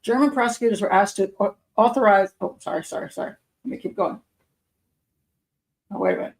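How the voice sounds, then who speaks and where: Profiler host, woman, with a creaky voice and a middling pitch, reading reports with doubtful running commentary. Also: brisk, poor audio. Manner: skeptical, muttering asides and self-corrections. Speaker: criminal profiler hosting a live show.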